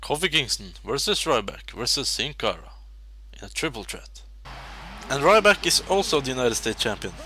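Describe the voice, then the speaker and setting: A young man calls the action of a wrestling video game he is playing, with a bright, forward voice that leaps up and down in pitch. He gets worked up easily and swears when the game goes against him. A faint hiss sits under the recording. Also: moderate pace. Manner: excitable, swears and laughs at his own slips. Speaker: gameplay commentator. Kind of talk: casual game commentary.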